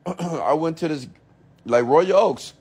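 A man with a fairly high yet darkish, husky voice takes his time as he delivers a motivational rant. He pushes his points emphatically, repeats himself, poses rhetorical questions, and swears casually.

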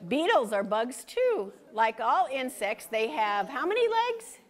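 Woman, storytime reader, lively swooping voice, high-pitched, picture book, asks kids questions. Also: measured pace. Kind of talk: reading a picture book aloud to children.

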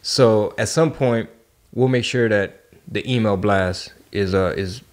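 A man hosting a podcast, talking casually in slang and getting animated when he tells stories. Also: on the low side, a little slow. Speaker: podcast host.

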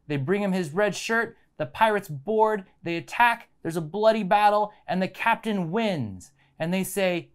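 A man hosting a science channel, calmly walking viewers through a hands-on demonstration step by step. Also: high voice, unhurried, hardly any pauses, smooth. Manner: casual, step-by-step explaining. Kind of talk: instructional demonstration.

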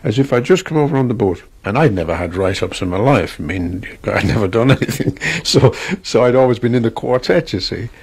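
A man's voice: on the low side, animated, a little fast, few pauses, darkish tone, breathy edge. An older man with an Irish accent telling chatty stories about his career as an entertainer in an interview. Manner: chatty storyteller, chuckles, restarts. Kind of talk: relaxed anecdotal interview.

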